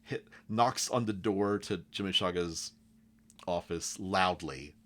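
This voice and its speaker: Slow, deep-voiced game master. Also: male voice, a bit bright. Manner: loose, halting narration with fillers. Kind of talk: narrating a tabletop game.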